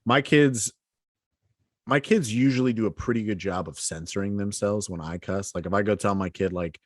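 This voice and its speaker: A man in his thirties chats on a podcast with a very low, deep voice. He jokes and cusses easily. The sound is dry and close, with no room echo. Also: normal speed. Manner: profane, joking. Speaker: podcast co-host. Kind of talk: casual chat.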